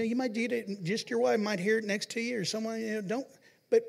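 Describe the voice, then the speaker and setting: High-voiced pastor in a reverberant hall. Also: male voice, a little mellow. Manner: dramatic scripture reading, slowing and swelling on verses. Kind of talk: sermon. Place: Pentecostal church chapel. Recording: long church hall reverb.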